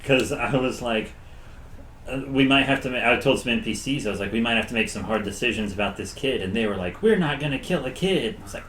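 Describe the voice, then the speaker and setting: A man who plays in a tabletop game, recalling the session in an animated, joking way. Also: on the low side, fast talker, a little hiss or hum. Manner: animated, joking, laughs often. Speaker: player. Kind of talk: casual recap of a tabletop game. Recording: roomy echo.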